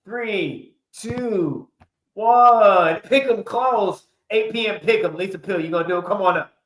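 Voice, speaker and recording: A man's voice: sits high, measured pace, slight background noise. A man hosting a casual livestream sports chat, talking in a playful, laughing way as he hypes up the picks. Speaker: host. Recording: echoey room.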